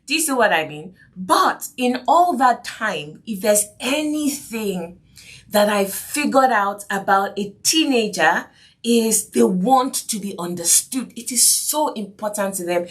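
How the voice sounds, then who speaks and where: A woman's voice: mid-range voice, expressive, unhurried, a bit bright. A woman hosting a faith-based parenting podcast, earnest and repetitive, often asking if you see what she means. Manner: earnest, repeats key phrases, asks "do you see what I mean?". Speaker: podcast host.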